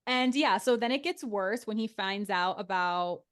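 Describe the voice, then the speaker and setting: Brief: young woman, casual gossip host, chatty, cusses freely, middle pitch. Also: a little slow, smooth. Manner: chatty, animated, swears freely. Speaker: podcast co-host.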